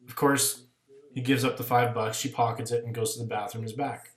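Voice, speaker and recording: A man co-hosting a podcast, telling a crude joke at a steady, deliberate pace to sign off. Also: mid-range voice, roomy sound. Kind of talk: casual chat, telling a joke.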